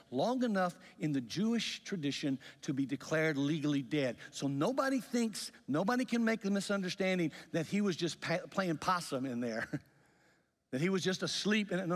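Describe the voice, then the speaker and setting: A male pastor preaching a sermon, telling the story with lively acted-out voices. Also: fairly high pitch. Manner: animated storytelling, acts out quoted voices. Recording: long reverb of a large hall.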